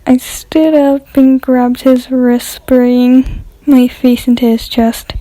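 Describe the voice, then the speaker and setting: A woman's voice: high-pitched, flat delivery, takes it slowly, warm tone, dry recording, rough recording. Giggly young woman reading fan fiction. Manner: giggly, breaking off to comment and apologize. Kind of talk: casual read-aloud of fan fiction.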